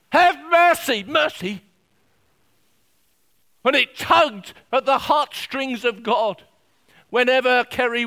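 Male preacher, emphatic sermon delivery, slow and deliberate with a bright tone. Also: sits high. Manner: emphatic, repetitive, swings from soft to loud.

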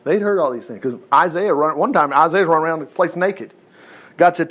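A man's voice: fairly high pitch, a little fast. A male Baptist pastor, telling a Bible story in a folksy, joking sermon. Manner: folksy, animated storytelling, jokes.

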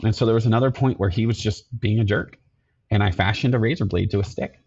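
Low gravelly-voiced man telling his story. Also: darkish tone, lo-fi sound. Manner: earnest, halting, repeats himself. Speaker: podcast guest, security company owner.

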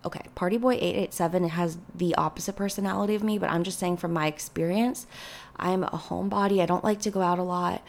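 Female podcast host, casual rambling delivery, slightly low and gravelly. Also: fairly even intonation, quick pace. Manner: rambling, chatty, heavy use of "like" fillers. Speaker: podcast host giving advice. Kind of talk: casual solo advice podcast.

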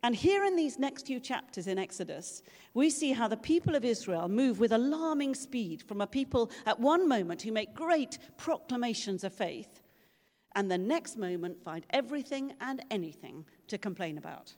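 A woman's voice: fairly high pitch, expressive, normal speed, darkish tone. A woman giving a sermon in a church, telling stories in a conversational way and acting out quoted voices. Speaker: preacher. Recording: long reverb from a large room.

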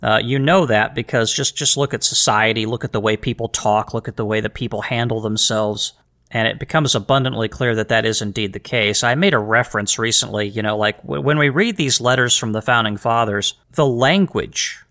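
A man's voice: mid-range voice, fairly quick, bright, forceful tone. A man hosting a solo podcast, talking in an earnest, emphatic way with rhetorical questions and frequent restarts. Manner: repeats words and restarts phrases. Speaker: podcast host.

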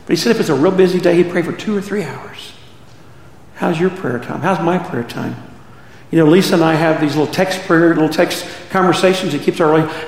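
A man's voice: a little high, a little fast. A middle-aged male pastor preaching a conversational sermon, peppered with rhetorical questions to his congregation. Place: church sanctuary. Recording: echoey hall reverb.

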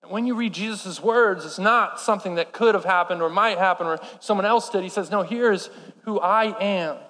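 High-voiced preacher in an echoing hall. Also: male voice, normal speed, a bit bright. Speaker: pastor. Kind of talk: sermon. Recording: long hall reverb.

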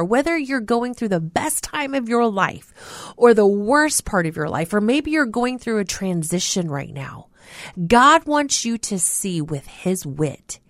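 A woman's voice: on the high side, no echo, studio quality. A woman giving an earnest, emphatic radio devotional as host. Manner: earnest preaching, animated and emphatic with laughs. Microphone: studio mic.

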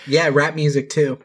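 A man co-hosting a podcast, throwing in quick quips and laughing a lot. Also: on the high side, slightly rough. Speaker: podcast co-host. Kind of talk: casual podcast banter.

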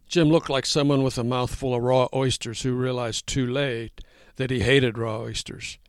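A man's voice: mid-range voice, gravelly, no echo. Wry male storyteller, dry close sound. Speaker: narrator reading his own story. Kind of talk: first-person storytelling.

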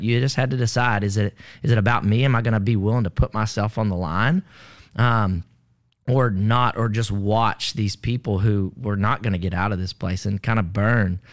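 A man giving an earnest personal testimony, rambling with many fillers. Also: lowish voice. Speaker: storyteller recounting a rescue.

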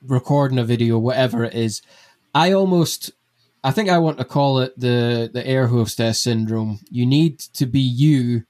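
A man's voice: mid-range voice, darkish tone. A young man, a TV gardening presenter, chatting as a podcast guest and breaking ideas down step by step. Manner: chatty, explains things step by step. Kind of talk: casual podcast chat.

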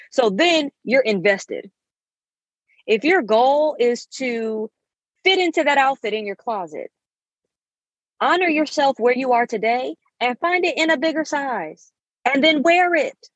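A woman's voice: high voice, no echo, highs cut off. Emphatic woman in her 30s podcasting. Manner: emphatic, preachy, uses endearments. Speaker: podcast host. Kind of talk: motivational podcast monologue.

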